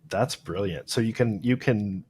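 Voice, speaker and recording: A man hosting a podcast interview, reacting and musing aloud in a halting way with many fillers. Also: on the low side, a little mellow, slight background noise. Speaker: podcast host. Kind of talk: conversational interview.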